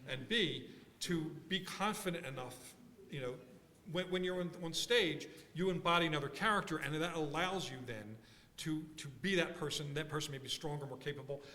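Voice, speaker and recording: Man in his own workshop talk, lively and forceful, thinks out loud, long conference hall reverb. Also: a little high, normal speed. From Philadelphia, USA. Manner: animated, thinking aloud with restarts. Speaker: workshop speaker.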